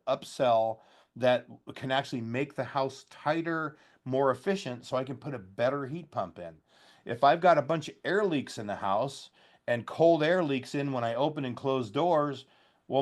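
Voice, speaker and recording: A man with a middle-pitched voice gives a relaxed, folksy training talk to contractors. He chats loosely and acts out customer dialogue as he goes. A slight cough hangs on his voice. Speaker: trainer for heat pump contractors.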